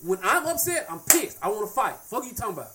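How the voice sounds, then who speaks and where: Casting: outspoken man, swinging pitch, heated and profane, slangy delivery. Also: sing-song, fast talker, background noise. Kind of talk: casual chat.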